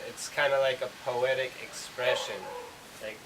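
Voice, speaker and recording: A man's voice: mid-range voice, steady tone, normal speed. A man teaching English, explaining in a casual, rambling way with lots of fillers. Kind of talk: explaining a language lesson. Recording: hissy recording from far off.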